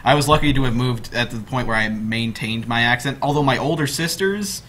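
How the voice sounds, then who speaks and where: A man's voice: medium pitch, fairly quick, a bit bright, slight background noise. A man chatting casually with friends, rambling with many fillers as he tells stories. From northern United States. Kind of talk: casual group chat.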